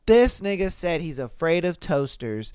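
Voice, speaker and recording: Young male podcast host, higher-pitched, clear, dry sound; laughs and swears constantly while reading posts. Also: big pitch swings, a little slow, no echo. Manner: profane, laughs often, reacts loudly. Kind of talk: casual commentary reading listener posts.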